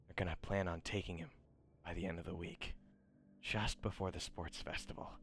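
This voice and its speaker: A man's voice: low voice, steady tone, a little fast, a bit bright, slight background noise, pitched below the performer's own voice. A man voicing a menacing young villain boss who gives curt, crude orders over a phone call. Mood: scheming.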